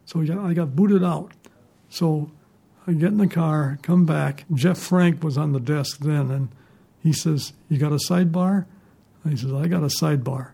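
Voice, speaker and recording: A man's voice: on the high side, normal speed, gravelly, mellow, slightly rough. An older man, a retired newspaper reporter, telling rambling stories in an interview. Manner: rambling, chuckling anecdotes. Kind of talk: storytelling in an interview.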